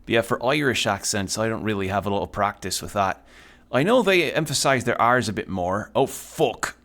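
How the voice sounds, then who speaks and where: A man's voice: fairly low pitch, lively intonation, fairly quick, a bit bright. A young man streaming a video game, chatting casually and rambling, swearing often as he plays. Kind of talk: casual let's-play commentary.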